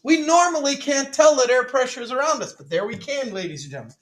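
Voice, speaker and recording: A male chemistry teacher running a classroom demonstration, joking with students, repeating "all right" and calling the class ladies and gentlemen. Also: very high-pitched, lively intonation, fast talker. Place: school classroom. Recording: echoey classroom from far off.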